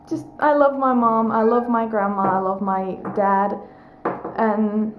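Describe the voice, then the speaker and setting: A woman's voice: on the high side, lively intonation, slow pace, a little hiss or hum. A young woman vlogger telling a personal story to camera in a chatty, rambling way, full of restarts and "like".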